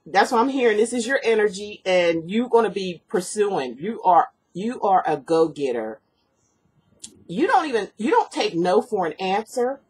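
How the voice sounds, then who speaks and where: A woman giving a personal tarot reading. She rambles earnestly, repeats herself, fills pauses with ums, and sniffles from allergies. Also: medium pitch, a little mellow, slightly rough. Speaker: tarot reader.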